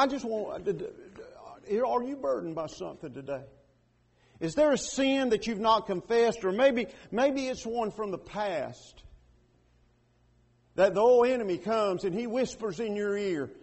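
A pastor preaches with a husky edge to his high-pitched voice. He presses his points hard, swelling loud before dropping to a near hush. The delivery is that of a man pleading with his congregation. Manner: impassioned, swells loud then drops to a hush. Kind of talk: sermon.

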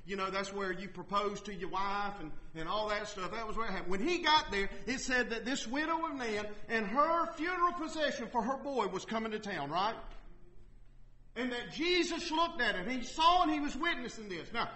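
A man's voice: high voice, lively intonation, normal speed, sharp tone, low-quality recording. A man preaching a sermon, earnest and punctuated by call-and-response asides.

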